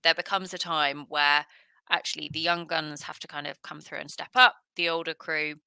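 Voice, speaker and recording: A woman co-hosting a podcast, giving steady, measured analysis in conversation. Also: low-pitched, creaky, smooth, no echo. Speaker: podcast co-host. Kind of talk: casual chat.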